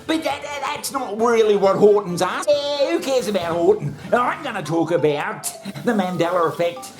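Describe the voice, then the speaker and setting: A man's voice: high-pitched, animated, normal speed, over music. Swearing man, rambling comic host. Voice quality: crude, swearing, laughing at own jokes. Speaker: comedy show host. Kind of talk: comic monologue, bantering with himself.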